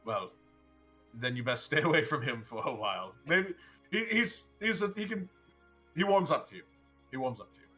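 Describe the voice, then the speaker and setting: A man's voice: fairly high pitch, animated, moderate pace, long pauses, pushed and bright, soft background music. A man playing a wry, apologetic young male adventurer who rambles and laughs as he talks, in a tabletop role-play. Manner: rambling, laughs between words.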